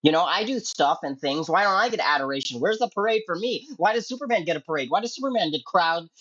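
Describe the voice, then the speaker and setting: A man delivering a comedic angry rant as an online commentator, profane and explosive, swinging between low mutters and sudden yelling. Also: lively intonation, fast talker, highs cut off.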